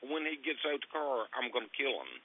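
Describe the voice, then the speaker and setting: A man's voice: mid-range voice, lively intonation, fairly quick, husky. An older man calling in by phone, rambling through a coarse, heated grievance. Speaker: caller. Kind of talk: phone-in storytelling. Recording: tinny phone line.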